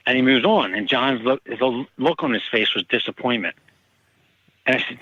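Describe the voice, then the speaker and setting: A man, an author, telling personal stories in casual conversation and lively acting out the people in them. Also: medium pitch, normal speed, dry recording, dull audio. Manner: animated, acts out quoted people. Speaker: author guest. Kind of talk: casual storytelling.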